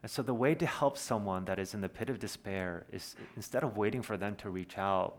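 A man preaching a sermon, earnest and explanatory, slowing down to stress key words. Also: lowish voice, slight background noise. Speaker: pastor.

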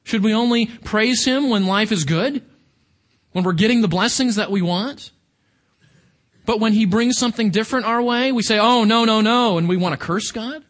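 A man's voice: high-pitched, moderate pace. A man preaching a sermon in a conversational, emphatic way, with rhetorical questions to his listeners.

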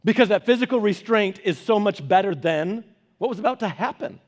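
Lively high-voiced pastor telling stories. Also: male voice, a little fast. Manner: animated storyteller who acts out quoted voices. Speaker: pastor teaching a Bible study. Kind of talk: conversational sermon.

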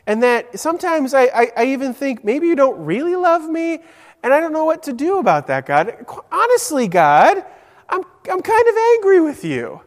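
A man voicing an anguished young man who pleads with God in halting, upset words. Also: extremely high pitch, big pitch swings, long reverb tail, voice pushed up. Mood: pleading, upset.

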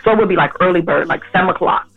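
Woman, 30s, interview guest, personal storytelling, animated, gravelly, tinny lo-fi sound. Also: on the low side, racing. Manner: animated, acts out others' lines in her story.

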